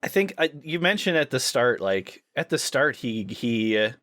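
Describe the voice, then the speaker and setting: A man co-hosting a podcast in casual chat, enthusiastic and quick to act out lines he quotes. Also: mid-range voice, very animated, fairly bright tone, no room sound. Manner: enthusiastic, acts out quotes in shifting voices. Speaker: podcast co-host.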